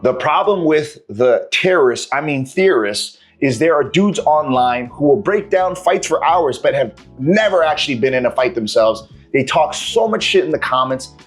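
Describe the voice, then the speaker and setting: A man's voice: a little high, lively intonation, moderate pace, hardly any pauses, soft background music. A man, a martial arts coach, talking in a casual, slangy and profane way as he tells his story to the camera.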